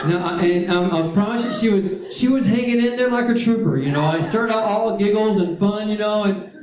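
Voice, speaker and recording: A man's voice: sits high, very noisy. A man preaching a sermon, telling stories with humorous asides. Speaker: pastor. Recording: echoey hall with audience.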